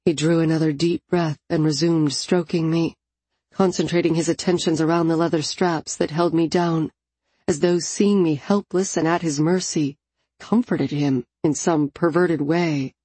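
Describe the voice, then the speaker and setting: A woman narrating a first-person audiobook in an intimate, low-key delivery. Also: steady tone, moderate pace, mellow, slightly rough, dry recording.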